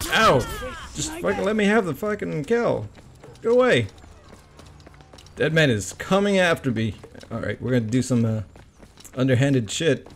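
A man talks over his own gameplay, swearing freely and yelping or groaning as things go wrong or right. His voice is gravelly, with pitch swinging widely and an unhurried pace. A faint hiss of noise sits behind him. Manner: swearing, excitable yelps and groans. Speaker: gamer commenting on his own play. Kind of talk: casual gameplay commentary.

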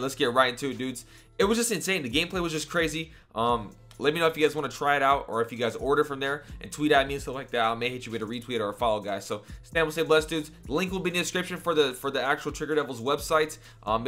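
A young man giving excited, slangy live commentary over his own video game play, talking straight to his viewers with loud outbursts. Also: medium pitch. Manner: slangy casual talk to viewers. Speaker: gaming YouTuber. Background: background music.

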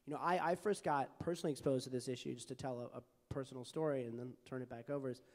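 A fast-talking young man from California, with a medium-pitched, steady, slightly mellow voice, speaks as a panelist and advocacy group founder. His earnest, anecdotal remarks include many fillers and restarts, recorded with long reverb in a large hall at a public forum.

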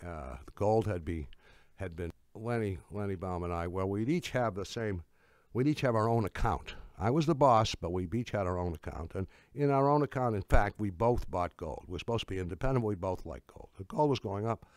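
An older man with a lowish voice tells a story from the stage, halting and restarting as he goes. His humor is dry, and the sound is close and dead, with no room around it. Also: animated, a little mellow, no room sound. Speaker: speaker giving a talk. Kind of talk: anecdotal storytelling talk.

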